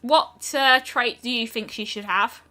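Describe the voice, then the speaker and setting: A woman's voice: a little high, unhurried, bright, forceful tone. A woman streaming a game, musing aloud in casual commentary with lots of ums and trailing thoughts.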